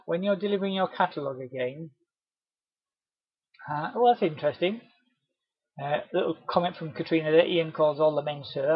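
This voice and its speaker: A man runs an online sales training session in a friendly, chatty way, often slipping into bright little doorstep greetings. His voice sits fairly high and has a husky edge. The sound is dry and close, a touch dull and muffled. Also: no room sound. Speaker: webinar presenter. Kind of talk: casual training webinar.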